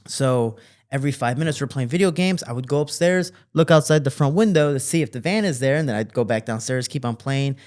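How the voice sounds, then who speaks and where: A man telling stories from his childhood as a guest in an interview, with lively quoting and relaxed fillers. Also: brisk. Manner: animated, jumps higher to quote people; fillers and restarts, relaxed flow. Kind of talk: casual storytelling.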